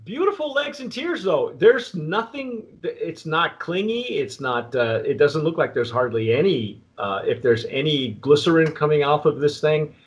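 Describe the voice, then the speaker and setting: A man with a fairly high-pitched voice talks his way through a tasting in a loose, unhurried chat. He stops and restarts his phrases again and again and fills the gaps with "um" and "uh". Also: big pitch swings, dull audio. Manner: rambling, halting, with many restarts and fillers. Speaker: tequila review host.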